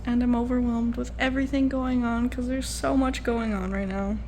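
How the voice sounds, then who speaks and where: A young woman vlogging in a casual, rambling way, sounding low and tired, trailing off into fillers. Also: fairly even intonation, normal speed, darkish tone, slight background noise. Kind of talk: casual vlog chat.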